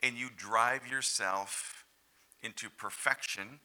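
Bright-toned, unhurried male preacher. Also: mid-range voice. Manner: animated, conversational preaching with direct questions. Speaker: pastor. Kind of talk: sermon.

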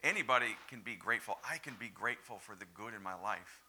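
A man preaching a sermon as pastor, stressing words hard and then dropping to hushed, low lines. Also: expressive, quick pace, a little hiss or hum.

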